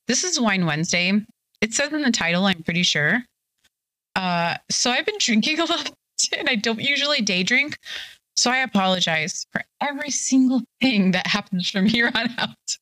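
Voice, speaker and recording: A woman's voice: a little high, pushed and bright, dry recording. A young woman streaming live, a little tipsy, chatting casually and bubbly as she reads her chat aloud.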